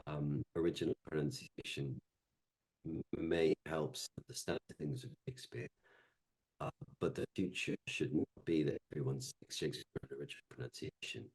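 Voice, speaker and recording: Panelist, male, English accent with Welsh tinges, very low, mellow, thoughtful delivery. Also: slightly rough. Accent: English with slight Welsh tinges. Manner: thoughtful, measured, frequent ums. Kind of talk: lecture panel discussion.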